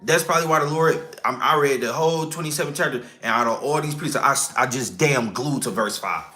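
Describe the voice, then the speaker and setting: A man's voice: mid-range voice, fast talker, sharp tone, soft background music. A man teaching scripture informally, emphatic and preachy, asking rhetorical questions, swearing casually and checking in with "okay?" and "all right?". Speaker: religious teacher.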